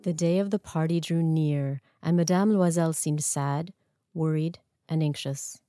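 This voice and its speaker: Woman narrator, low voice, mellow tone, measured scripted narration. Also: soft background music. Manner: measured, even storytelling. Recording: dry close studio sound.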